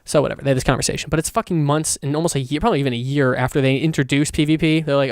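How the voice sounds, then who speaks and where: A man hosting his own podcast, rambling casually and excitedly with plenty of swearing. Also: mid-range voice, very fast, few pauses, no echo, clean studio sound. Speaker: podcast host.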